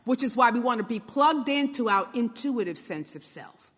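High-voiced Brooklyn woman in a reverberant space. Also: lively intonation, normal speed, fairly bright tone, slightly rough. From New York, Brooklyn. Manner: conversational, often asks "right?", acts out little quotes. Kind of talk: informal motivational talk.

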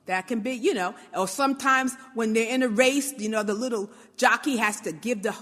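A Brooklyn woman with a fairly high, slightly bright voice gives an informal motivational talk at normal speed in a large hall. She keeps it conversational, often checking in with "right?" and acting out little quotes.

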